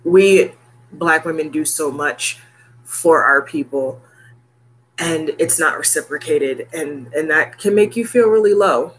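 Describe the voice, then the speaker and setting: A woman's voice: low-pitched, a little slow, slight background noise. A woman in her thirties talking casually and heartfelt to her viewers, laughing often. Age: 30s. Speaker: vlogger. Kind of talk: casual chat to camera.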